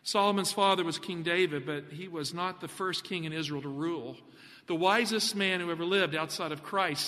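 High-voiced preacher in an echoing hall. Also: male voice. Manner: animated, asks the congregation questions. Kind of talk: sermon.

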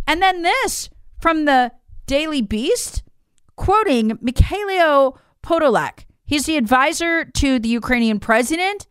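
A woman's voice: high-pitched, animated, slow pace, no room sound, clean studio sound. A woman delivering an emphatic, incredulous political opinion monologue straight to her viewers. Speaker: political commentator.

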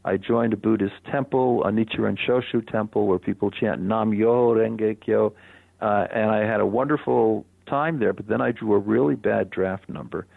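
A man's voice: fairly low pitch, moderate pace, vocal fry, no echo. Older man telling a story over a phone line. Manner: reflective, animated narration with soft chuckles. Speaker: guest. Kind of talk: personal storytelling. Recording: phone-line radio interview.

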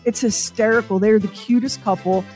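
A woman's voice: mid-range voice, fairly even intonation, moderate pace, darkish tone, faint music behind. A woman hosting a radio show, telling a story in an amused, chatty way. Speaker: radio host. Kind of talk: casual radio chat.

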